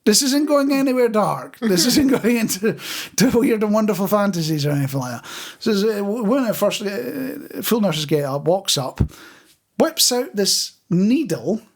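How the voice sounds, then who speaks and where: A man's voice: high voice, animated, normal speed. A man co-hosting a casual podcast, telling stories with chuckles and restarts. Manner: chatty storyteller, frequent restarts and chuckles. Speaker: podcast co-host. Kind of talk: casual chat.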